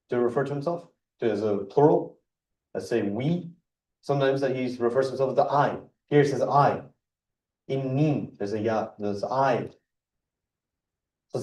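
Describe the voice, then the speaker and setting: A man's voice: medium pitch, dark tone. A man giving an earnest religious talk at a mosque gathering, explaining word by word and stressing each point. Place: mosque hall. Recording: echoey hall, mic heard from a distance.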